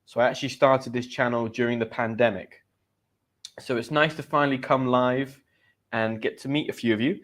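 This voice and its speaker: A British man teaching English in a live stream. His voice sits at a middle pitch for a man. He talks in an easygoing, chatty way and reads viewers' comments aloud as he goes. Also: steady tone, moderate pace, a bit bright. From Great Britain.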